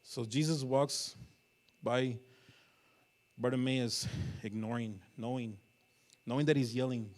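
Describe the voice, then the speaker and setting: A man's voice: lowish voice, flat delivery, measured pace, long pauses. Man preaching a dramatic sermon. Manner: dramatic storytelling with sudden loud and hushed passages; asks the congregation questions. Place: church sanctuary.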